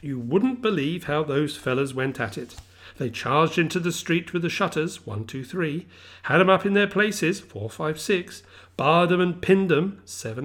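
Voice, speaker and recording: A middle-aged man reading a classic novel aloud in a measured, expressive storytelling manner. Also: on the high side. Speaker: reader.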